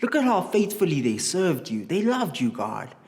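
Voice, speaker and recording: A man's voice: a little high, big pitch swings, moderate pace, darkish tone, long reverb tail. Moses, a man doing an earnest pleading leader. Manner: earnest, begging.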